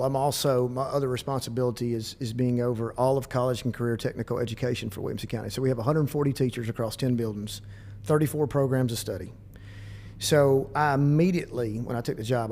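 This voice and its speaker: A middle-aged man with a Southern US accent, speaking as a school district administrator in a casual podcast interview and acting out bits of dialogue as he tells stories. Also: medium pitch. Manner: animated, quick storyteller who acts out dialogue.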